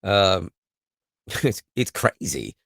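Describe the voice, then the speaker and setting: Joking Canadian man with lively intonation. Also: low voice, extremely slow, gravelly, no room sound, clean studio sound. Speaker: podcast co-host. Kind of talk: casual chat.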